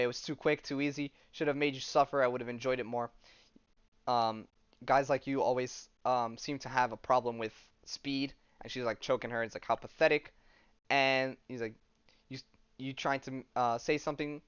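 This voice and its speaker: A man's voice: medium pitch, smooth, no echo, dull audio. Man retelling a comic casually. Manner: reads comic dialogue aloud with loose fillers and swearing. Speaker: podcast host. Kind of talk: casual recap of a comic story.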